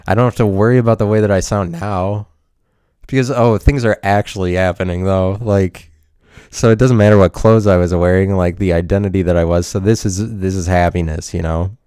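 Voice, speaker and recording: Deep, dark-toned man, smooth voice, dry close sound; rambling profane rants. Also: steady tone, brisk, dry recording. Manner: rambling, scattered, profane, swings to sudden loud outbursts. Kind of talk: rambling monologue.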